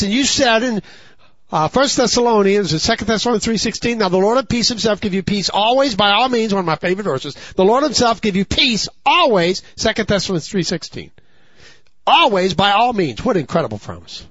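A middle-aged male pastor preaches in a high, lively voice, leaving questions for the congregation to answer. He swings between ringing emphatic peaks and hushed low asides. The recording is dry and a little dull. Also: fairly quick, no room sound. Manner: preaching with call-and-response questions. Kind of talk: sermon. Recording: slightly dull, dry sound.

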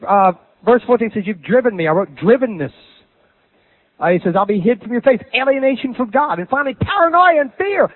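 Preacher, male, sermon delivery: very high, animated voice, dramatic swings, thin phone-like recording. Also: no room sound. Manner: dramatic, swings from loud bursts to low asides. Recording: tinny phone-like sound.

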